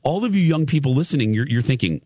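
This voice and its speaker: A man's voice: medium pitch, animated, fast, warm tone, no echo, studio quality. A middle-aged man from Indiana hosting a radio show, telling a story in casual chat with stammered restarts and laughter at himself.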